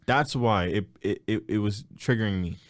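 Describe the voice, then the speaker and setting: A young man co-hosts a casual podcast with a low, easygoing voice. He jokes often, laughs between lines and acts out quoted voices. The sound is dry and close. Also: moderate pace, dry recording. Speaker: podcast co-host. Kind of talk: casual chat.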